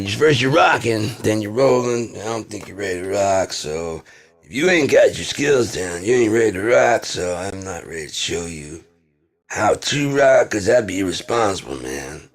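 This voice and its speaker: A man with a low, husky, gravelly voice rambles through a comedy bit in easygoing rocker slang. His pitch jumps around animatedly, and he drawls, lurching from loud bursts down to mutters. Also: lively intonation, a little slow. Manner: laid-back rocker slang, calls everyone man; drawling, swings from loud to mumbled.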